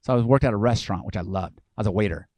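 A male pastor delivering a lively, conversational sermon, acting out the voices of people he quotes. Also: lowish voice, racing, dry recording.

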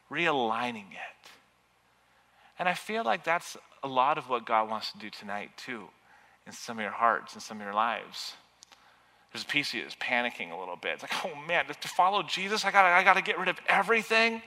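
A man preaching a sermon with passion, building to loud, urgent peaks. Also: mid-range voice. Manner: impassioned, rising to near shouting at peaks. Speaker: pastor. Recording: long reverb of a large hall.

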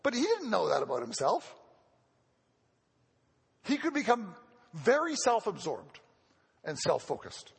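A man's voice: high-pitched, wildly swooping pitch, measured pace, vocal fry, pauses often, slightly rough. A man preaching a sermon in an earnest way, repeating phrases for emphasis and often restarting, heard with the long reverb of a large hall.

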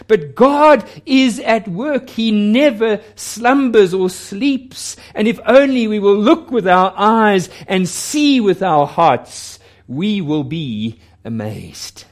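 A male pastor preaching a sermon with a fairly high voice. He takes his time, spacing out each phrase and leaning into quoted lines with earnest emphasis. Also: animated, measured pace.

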